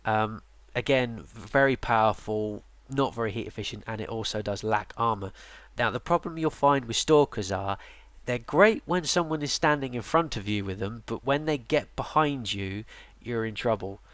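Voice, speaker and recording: A man's voice: medium pitch, normal speed, few pauses, no room sound. Tired, rambling man with a dry close sound. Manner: relaxed, rambling with many ums and restarts. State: yawning, tired. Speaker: game guide presenter. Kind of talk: casual game tutorial narration.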